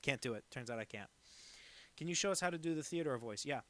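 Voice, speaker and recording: There's no echo on this fast-talking man's mid-range, fairly bright voice, and he sounds animated. A cartoonist drawing viewer requests on a live stream, he chats casually and rambles through asides, using many fillers and often teasing himself.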